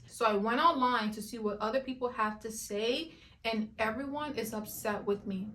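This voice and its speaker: Animated woman ranting, slightly high voice. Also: moderate pace. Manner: dramatic, emphatic, repeats herself for effect. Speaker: YouTube reviewer. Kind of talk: animated rant and review.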